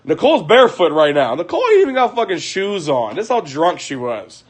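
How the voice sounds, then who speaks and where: A man's voice: sits high, very animated, brisk, breathy edge. Profane, laughing man ranting on a livestream. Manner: profane, heated, breaks into laughter, repeats himself. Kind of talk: casual livestream rant. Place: at home at night.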